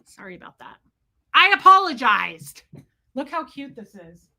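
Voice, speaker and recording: Bright-voiced chatty woman vlogger. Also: sits high, very animated, unhurried, vocal fry. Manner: chatty, self-mocking, bursts into loud dramatic outbursts. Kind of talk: casual chat.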